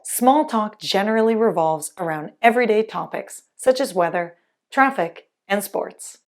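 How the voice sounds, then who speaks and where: A woman teaching English pronunciation in a scripted lesson, speaking carefully and enunciating clearly. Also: mid-range voice, lively intonation, normal speed.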